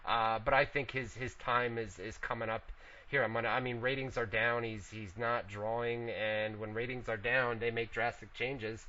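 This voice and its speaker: A man's voice: mid-range voice, fairly even intonation, moderate pace, bright, forceful tone. Laid-back male internet radio host. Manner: loose and profane, reads out names then answers. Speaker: podcast host reading listener questions. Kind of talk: casual wrestling news chat. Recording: dull lo-fi internet radio audio.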